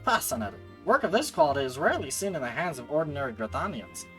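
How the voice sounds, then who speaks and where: A man reading aloud the lines of a stately woman guild master in a game, in measured, archaic phrasing. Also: on the high side, sing-song, pushed and bright, slightly rough, faint music behind, heavily acted.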